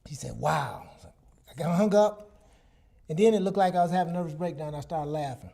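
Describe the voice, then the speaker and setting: A man's voice: a little high, fast talker, a little hiss or hum. A man in his sixties, a guest psychologist, telling personal stories in casual chat and acting out the lines he quotes. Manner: animated storyteller, acts out quoted dialogue.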